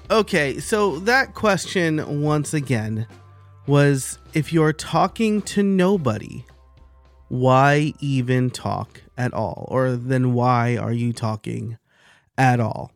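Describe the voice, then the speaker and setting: A man's voice: mid-range voice, takes it slowly, faint music behind. A man in his thirties hosting his own podcast, talking in a casual, conversational way and often restarting his sentences. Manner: conversational, self-correcting. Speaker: podcast host.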